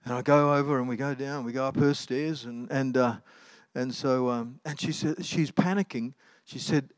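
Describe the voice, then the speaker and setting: A man's voice: medium pitch, steady tone, normal speed, no room sound. Conversational man preaching. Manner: anecdotal, conversational, with many ums and restarts. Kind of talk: sermon.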